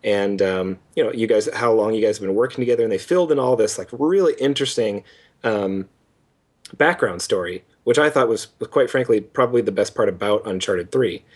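Animated young man ranting about a game. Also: fairly low pitch, brisk, breathy edge. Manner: animated, mocks lines with exaggerated voices. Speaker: podcast co-host. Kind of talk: casual game review chat.

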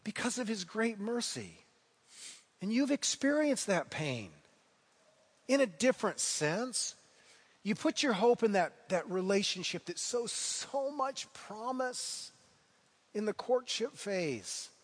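A man's voice: sits high, animated, takes it slowly, husky, in a large hall. A man preaching a sermon as pastor, retelling the story earnestly and repeating key phrases for emphasis.

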